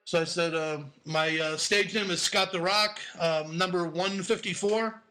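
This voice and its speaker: A man telling a profane, animated story about his stand-up debut, acting out voices in the quotes. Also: sits high, unhurried. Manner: acts out voices in quoted speech.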